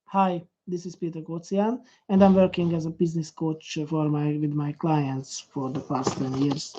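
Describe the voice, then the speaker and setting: A man's voice: on the high side, level tone, normal speed, lo-fi sound, noisy background. A man with a Hungarian accent, a business coach rehearsing a video introduction to camera, stopping and restarting with many fillers.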